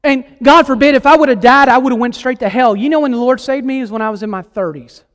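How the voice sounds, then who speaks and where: A man's voice: very high-pitched, quick pace, a bit bright, long reverb tail. A man preaching a sermon as a guest preacher, emphatic and impassioned, putting questions to the congregation. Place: church sanctuary.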